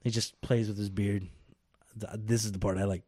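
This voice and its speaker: A man's voice: lowish voice, little pitch movement, moderate pace, dark tone, husky, no echo, clean studio sound. A man co-hosting a casual podcast, asking teasing questions and cracking jokes. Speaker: podcast co-host. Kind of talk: casual wrestling chat.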